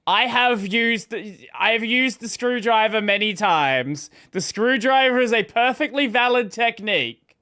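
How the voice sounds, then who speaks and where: A man's voice: sits high, unhurried. A man, a streamer chatting casually while commenting over a video. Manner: chatty, relaxed, thinks aloud.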